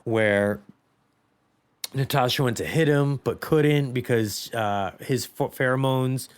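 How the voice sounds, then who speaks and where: Male podcast co-host, clear resonant tone, casual rambling film chat. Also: mid-range voice, slow pace. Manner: rambling, full of fillers and restarts. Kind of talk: casual movie discussion.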